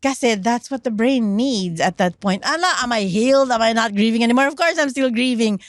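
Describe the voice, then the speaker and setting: A middle-aged woman with a Filipino accent, chatting on a podcast as a guest and trauma researcher. She tells her story with animated energy, mixes English with Tagalog, and shrieks when she acts out screams. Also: on the high side, fairly quick, no room sound, studio quality. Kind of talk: casual podcast chat.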